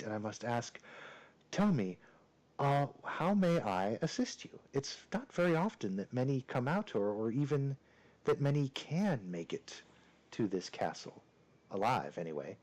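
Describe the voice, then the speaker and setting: A man's voice: a little mellow, poor audio. Vladimir Draculis, a man doing a suave vampire lord. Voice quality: deep, suave voice. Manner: formal, courtly speech with pauses. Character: tall suave vampire lord, fatherly and courtly.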